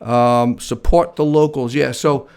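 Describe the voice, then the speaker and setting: A man's voice: medium pitch, fairly even intonation, a little slow, darkish tone, clear, resonant tone. An American man hosting a casual live-stream chat, talking in a chatty, enthusiastic way and laughing often. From United States. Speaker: host.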